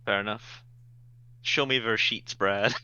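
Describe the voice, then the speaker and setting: A man playing in a tabletop game, chatty and quick to laugh. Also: lowish voice, fairly even intonation, sharp tone, clean tone, highs cut off. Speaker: player.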